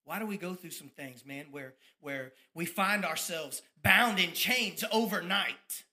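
A man, giving a fired-up testimony sermon about his ministry, at times dropping to soft reflective tones. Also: sits high, lively intonation, unhurried. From Tampa, Florida. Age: 30s.

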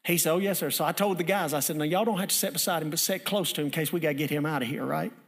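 Animated preacher in a reverberant hall. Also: male voice, on the high side, rapid-fire. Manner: folksy, animated, building to shouting. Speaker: pastor. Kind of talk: sermon with storytelling.

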